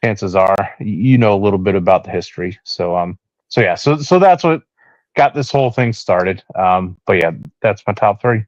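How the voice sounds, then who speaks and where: A low-voiced man co-hosting a laid-back sports podcast. He rambles, with plenty of "um"s and restarts. The recording is dull and dry, with no room sound. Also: expressive, normal speed, no room sound. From Cleveland, Ohio area. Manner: rambling, with many fillers and restarts. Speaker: podcast co-host. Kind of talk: casual sports chat.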